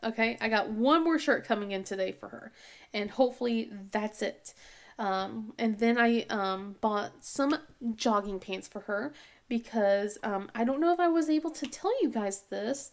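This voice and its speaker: A chatty woman in her thirties with a Southern US twang and a fairly high voice. She tells family stories in a relaxed vlog chat while crafting, laughing often and acting out the voices of her family. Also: normal speed. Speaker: crafting vlogger. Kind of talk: casual chat while diamond painting.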